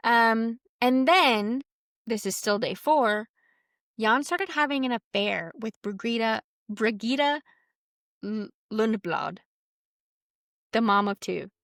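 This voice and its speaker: A woman co-hosting a podcast, telling a story in casual chat, full of "like" and quick quoted asides. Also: fairly high pitch, fairly bright tone, no echo, studio quality. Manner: chatty, lots of "like", quotes people in quick asides.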